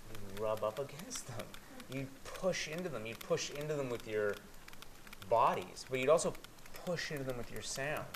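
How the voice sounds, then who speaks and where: A man's voice: medium pitch, slight background noise. A man from Canada giving a live presentation to an audience, earnest and searching, with many restarts.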